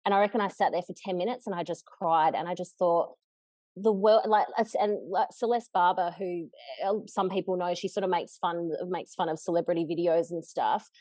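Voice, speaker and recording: A woman in her thirties with an Australian accent, a journalist chatting casually as a podcast guest in a relaxed, easygoing way. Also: lowish voice, a little fast, no room sound. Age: 30s.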